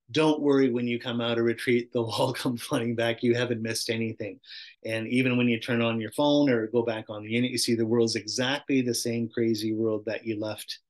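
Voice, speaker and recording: A middle-aged man teaching a casual meditation class, chatty and self-interrupting, often laughing and acting out little voices. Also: medium pitch. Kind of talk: casual dharma talk.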